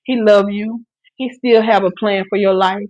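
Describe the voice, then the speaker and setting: A woman's voice: medium pitch, steady tone, normal speed, a little mellow, no echo, lo-fi sound. A woman hosting a live stream, preaching earnestly about faith and grief, with many restarts. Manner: speaks to listeners directly with encouragement. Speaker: podcast host on a live stream. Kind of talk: preaching testimony.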